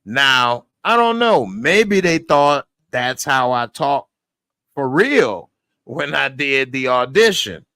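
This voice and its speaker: Slow-talking jokey male reviewer. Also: medium pitch, big pitch swings, sharp tone, dry recording. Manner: rambling, jokey, breaks into impressions. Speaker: TV show reviewer. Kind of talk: casual comedic chat.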